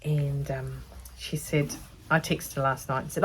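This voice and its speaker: A woman's voice: very deep voice, little pitch movement, measured pace, slight background noise. An Australian woman chatting casually as she teaches sewing, rambling between topics. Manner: rambling, chatty, self-aware. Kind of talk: casual chatty tutorial vlog.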